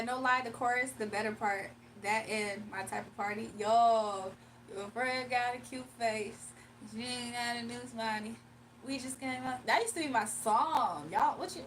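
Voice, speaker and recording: A young woman with a Southern accent chats casually on a livestream from a room at home, reading comments aloud and laughing often. She's a livestreamer and spiritual reader whose slightly high, somewhat bright voice is picked up from a distance, with slight background noise and poor audio.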